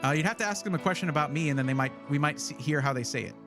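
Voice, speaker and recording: An American livestream host chats casually and rambles, often correcting himself mid-thought. His voice is a little high and very fast, heard over music.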